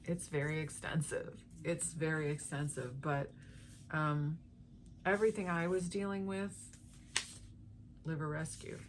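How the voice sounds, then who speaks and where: A woman's voice: low-pitched, fairly even intonation, measured pace, pauses often, a little hiss or hum. A woman vlogger sharing a personal health testimony in an earnest, heartfelt way, drawing out her phrases.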